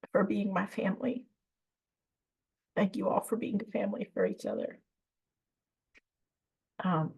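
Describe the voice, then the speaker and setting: A woman's voice: mid-range voice, husky. A woman hosting a poetry gathering, speaking earnestly, then reading her own poem. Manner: earnest, heartfelt, with soft hesitations. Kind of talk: warm spoken introduction and poetry reading.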